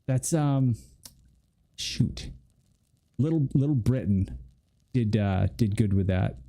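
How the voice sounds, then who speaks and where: A man's voice: mid-range voice, lively intonation, takes it slowly, dark tone. A man streaming a video game, chatting and joking in rambling asides as he plays. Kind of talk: casual gameplay commentary.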